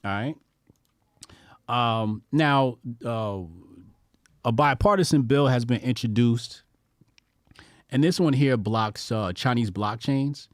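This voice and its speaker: A man's voice: medium pitch, slow pace, pauses often, dry recording, studio quality. A man hosting an online news commentary show, reacting to clips with sarcastic asides. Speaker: host.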